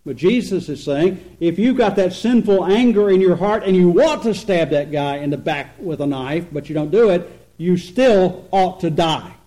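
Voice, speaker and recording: A man preaching an expository sermon, earnest and emphatic, slowing down to stress points and swinging between loud and quiet. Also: high voice, expressive, low-quality recording. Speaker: pastor.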